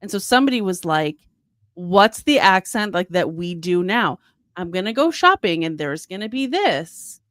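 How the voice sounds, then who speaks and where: A woman's voice: fairly low pitch, big pitch swings, normal speed, a bit bright, dry recording, clean studio sound. A woman co-hosting a comedy podcast, giving blunt, teasing, offhand replies. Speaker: podcast co-host. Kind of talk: casual comedic podcast banter.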